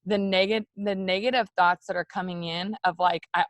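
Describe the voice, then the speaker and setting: A woman's voice: medium pitch, fairly even intonation, normal speed, dry recording. A woman hosting a casual morning video chat, speaking openly and directly to her viewers as "you guys", with many "like" and "you know" fillers. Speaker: host of a morning live video for women.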